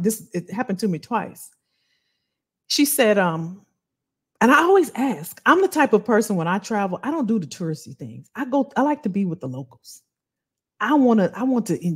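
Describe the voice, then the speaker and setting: A middle-aged woman speaks with fervent, emphatic conviction and keeps calling her audience "y'all." Her voice is a little husky and sits fairly high, and it swings widely in pitch as she presses each point home. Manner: passionate, emphatic, addresses viewers as "y'all"; tells personal travel stories. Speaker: career coach and video host. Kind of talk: motivational talk to viewers.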